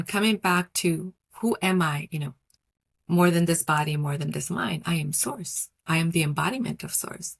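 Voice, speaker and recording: A woman wellness coach speaking in a soft, slow, affirming way, with gentle repetition, in a podcast conversation. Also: lowish voice, vocal fry. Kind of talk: guided reflection and coaching talk.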